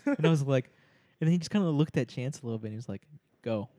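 A man's voice: a little high, expressive, rapid-fire, mellow, dry recording. A young man telling a story in casual chat among friends, laughing often and acting out the people he quotes.

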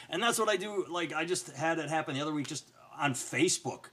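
A man's voice: on the high side, fast, few pauses, fairly bright tone. Rambling man telling stories on a podcast. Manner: rambling, storytelling with acted-out quotes. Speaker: podcast co-host. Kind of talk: casual chat.

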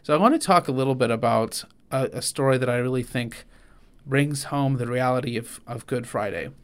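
A man co-hosting a faith and politics podcast, talking in an earnest, halting way with many restarts. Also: mid-range voice. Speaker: podcast co-host. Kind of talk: casual conversational podcast.

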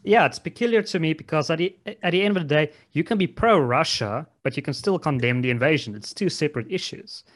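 A male interviewer asking probing political questions. He talks quickly and keeps a conversational tone. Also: fairly high pitch.

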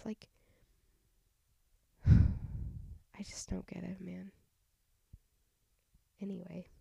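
A young woman in her twenties with a faint southern twang talks through a solo podcast on a home mic, her voice dark and full of fry. She drifts and restarts often, breathy and half-hushed, as if her voice is giving out. The sound is close and dry. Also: medium pitch, no echo. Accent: slight southern twang. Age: 20s. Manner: rambling, lots of fillers and restarts, soft breathy delivery. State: voice going out. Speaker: podcast host. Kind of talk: casual solo podcast rant. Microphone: home microphone.

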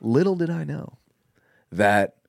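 A man's voice: on the high side, sing-song, slow pace, creaky, a little mellow, no echo, studio quality. A man co-hosting a podcast in casual chat, laid-back and slangy, swearing often. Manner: laid-back slang, says "dude" and "bro" constantly, swears. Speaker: podcast co-host.

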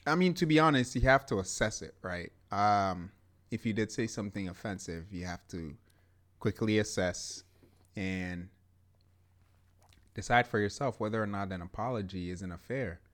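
A young man with a fairly low voice co-hosts a relaxed podcast conversation. He talks emphatically and circles back on his points, stacking up "yeah"s as he goes. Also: moderate pace. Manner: emphatic, repeats "yeah" and "to be honest". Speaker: podcast co-host. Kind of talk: casual chat.

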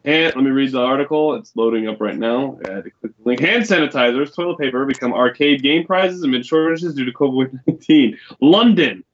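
A man's voice: medium pitch, fairly quick, hardly any pauses, a little hiss or hum. Man casually reading news stories aloud. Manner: relaxed, hesitant reading with fillers. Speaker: podcast host. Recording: dull, lo-fi recording.

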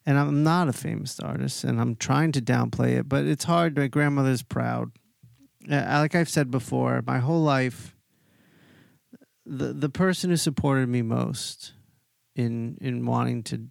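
A man with a smooth but gravelly voice tells a long personal story, stumbling and restarting as he goes. He acts out what other people said. The sound is dry and close, with no room around it. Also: mid-range voice, no echo. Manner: rambling with frequent restarts and acted-out quotes. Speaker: podcast host telling a personal story. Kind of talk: casual storytelling monologue.

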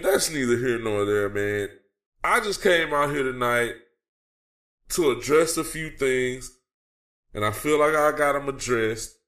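A man's voice: a little high, bright, forceful tone. A man delivering a cocky, mocking wrestling rant full of swearing. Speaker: podcast segment ranter.

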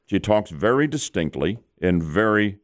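At normal speed and with an expressive, fairly low voice, a middle-aged radio host handles news reading and talk-radio banter. On his morning show, recorded in a studio on a studio mic, he's wry and pokes fun at himself.

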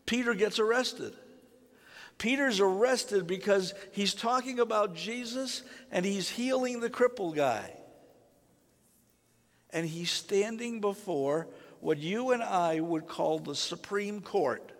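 A man's voice: high voice, slow pace. Man preaching in a reverberant hall. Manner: conversational, engages the congregation with questions. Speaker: pastor. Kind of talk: sermon with personal storytelling.

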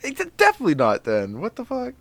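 Laid-back gravelly young co-host. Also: male voice, on the high side, huge pitch swings, fast, dry recording. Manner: laid-back, drawling, jokey. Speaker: podcast co-host. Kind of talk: casual chat.

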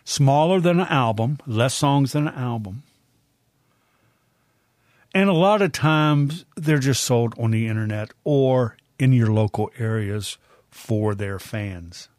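An older man hosting a music show, introducing songs in an unhurried, folksy, chatty way. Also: medium pitch, expressive, darkish tone, dry recording, clean studio sound. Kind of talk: casual spoken introduction of music.

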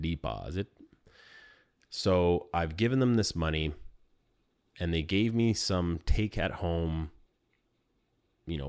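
A man in his thirties hosting a podcast, telling a personal story in a casual, animated and self-deprecating way. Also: sits low, no echo, studio quality.

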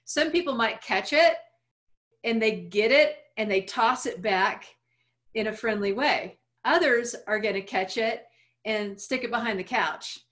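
Calm higher-voiced woman coach. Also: unhurried. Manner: calm, explanatory, uses analogies. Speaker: coach answering listener questions. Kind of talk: advice podcast chat.

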